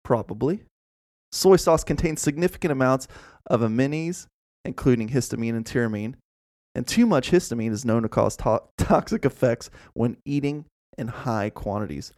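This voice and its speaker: A man's voice: medium pitch, lively intonation, moderate pace, a little mellow, no echo, studio quality. A man co-hosting a casual podcast, playful and reciting odd facts with mock seriousness. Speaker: podcast co-host.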